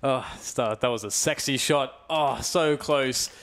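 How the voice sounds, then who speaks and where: A man with a British accent giving fast play-by-play esports commentary and rising to excited shouts at big plays. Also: mid-range voice. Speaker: esports caster.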